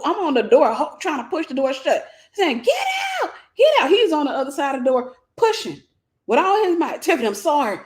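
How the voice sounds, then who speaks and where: A woman host telling a personal story, animated and repeating phrases for emphasis. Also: sits high.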